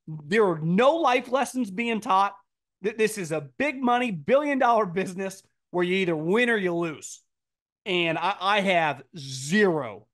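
Podcast host, male, slightly high voice, blunt opinionated mailbag commentary with lots of restarts. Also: fairly bright tone, dry recording, studio quality. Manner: blunt, emphatic, mocking quoted voices in a high pitch; frequent restarts and stammered repeats. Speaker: podcast host answering listener mail.

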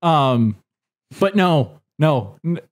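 A man's voice: a little high, sing-song, extremely slow. A young man co-hosting a podcast, chatting casually and rambling with lots of restarts and fillers. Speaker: podcast co-host. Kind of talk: casual chat.

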